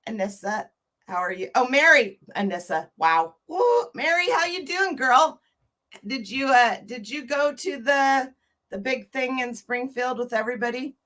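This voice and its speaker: A woman in her fifties hosts a casual livestream, chatting warmly, laughing and greeting viewers one by one. Her voice is fairly high and her pace unhurried.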